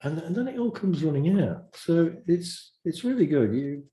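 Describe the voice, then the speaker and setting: A man, a guest practitioner, telling lively stories in casual chat and acting out the dialogue. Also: a little high, moderate pace, roomy sound. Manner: animated, acts out dialogue in stories.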